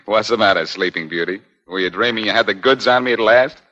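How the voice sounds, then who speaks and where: A man's voice: lowish voice, brisk, sharp tone. An actor playing a cool, cocky male hero who trades wry, breezy wisecracks, in the manner of 1940s radio acting, heard on a muffled old radio recording.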